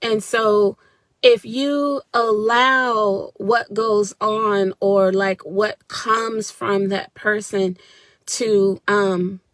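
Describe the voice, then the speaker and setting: Slow, earnest woman on a live stream. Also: mid-range voice, steady tone, fairly bright tone, dry recording. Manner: earnest and spiritual, addresses viewers directly. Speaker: wellness speaker. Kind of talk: live-streamed motivational talk.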